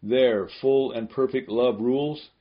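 A man giving a scripted devotional reading in a solemn, measured, prayerful way, on a dull lo-fi recording. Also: medium pitch.

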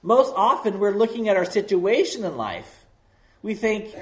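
Slow, deliberate male preacher. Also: high-pitched, big pitch swings, reverberant. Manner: slow, deliberate preaching with stressed key words. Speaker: pastor. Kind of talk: sermon.

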